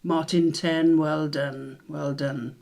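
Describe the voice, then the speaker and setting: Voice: mid-range voice, fairly even intonation, slow, creaky, a little mellow. A quiz host who chats casually from home and laughs often between the scores and questions. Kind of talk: casual online quiz hosting.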